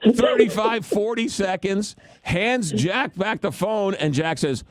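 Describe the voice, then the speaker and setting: Animated male talk show host, dry sound. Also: high voice, a little slow, few pauses, dry recording. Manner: animated, self-mocking storyteller.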